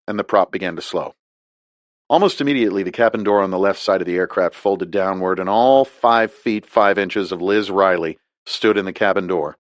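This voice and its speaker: A man narrates an audiobook with a very low voice, reading in a steady, measured way. The sound is dry and close, with no room around it. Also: no echo.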